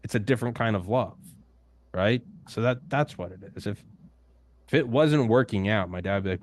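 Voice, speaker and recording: A man's voice: lowish voice, a little fast, no room sound. Blunt, emphatic young man, swearing freely. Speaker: podcast host guest. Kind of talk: casual discussion.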